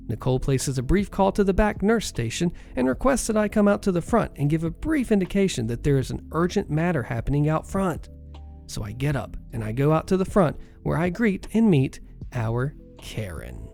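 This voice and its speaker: A man narrating a story with a gravelly, creaky voice, measured in delivery yet lively in pitch. Faint music runs beneath the narration. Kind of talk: reading online stories aloud.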